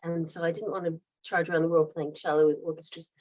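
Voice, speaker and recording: A woman's voice: low voice, flat delivery, quick pace, darkish tone, poor audio. A woman in her fifties with a mid-Atlantic accent between American and British, telling stories in a rambling, chatty way as a guest author and laughing often. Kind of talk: casual interview storytelling.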